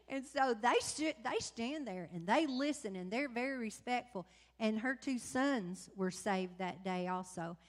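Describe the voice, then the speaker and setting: A woman telling stories from a mission trip to her church, rambling and animated, with many restarts. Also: on the high side. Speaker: mission trip member giving report. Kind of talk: casual testimony to congregation. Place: church sanctuary. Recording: long church hall reverb.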